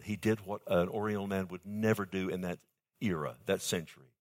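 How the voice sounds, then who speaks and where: A man preaching a sermon with emphasis, swinging between quiet passages and loud outbursts and asking the congregation for a response. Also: low voice, fairly even intonation, brisk.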